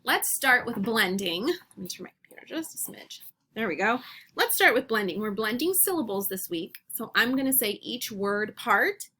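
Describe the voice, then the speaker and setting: A woman teacher leading young children through a phonics lesson, speaking clearly and encouragingly and repeating each word, recorded on a computer at home. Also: fairly high pitch, big pitch swings, pushed and bright, a little hiss or hum. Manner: slow, clear, encouraging classroom delivery with repeated words.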